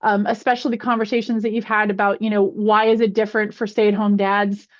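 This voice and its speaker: A woman's voice: medium pitch, level tone, a little fast. A woman speaking as a podcast guest in casual chat, earnest and reflective. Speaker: guest presenter. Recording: muffled lo-fi audio.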